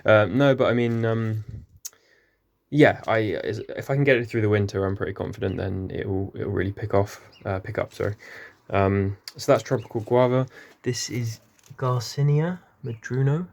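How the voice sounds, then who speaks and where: A man's voice: fairly low pitch, normal speed, vocal fry. A man gives a rambling, casual tour of his small greenhouse, full of ums and self-corrections. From England. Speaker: gardening vlogger. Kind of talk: casual walk-through tour.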